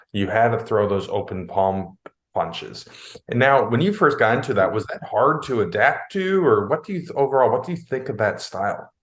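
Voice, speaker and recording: A male interviewer asking measured, prepared questions. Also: fairly low pitch. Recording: echoey room.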